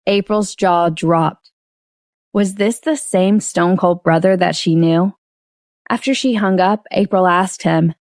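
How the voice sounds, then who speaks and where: A woman narrating an audiobook novel in steady storytelling. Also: lowish voice, measured pace, no room sound, clean studio sound. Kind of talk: scripted narration.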